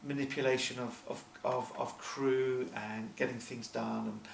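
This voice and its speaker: This film producer speaks at medium pitch with a steady tone, a measured pace and some vocal fry. Interviewed in front of an audience, he tells rambling, self-deprecating stories and keeps restarting. The recording picks up an echoey hall, a distant mic and faint noise.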